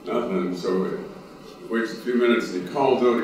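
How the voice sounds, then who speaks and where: A Cape Breton man speaks slowly on a conference panel, telling a story in a folksy way and stopping often to restart. His voice sits fairly low, and he sounds far from the mic in a very echoey hall with faint noise. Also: steady tone, a little mellow. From Cape Breton, Nova Scotia. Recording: roomy hall recording from a distance.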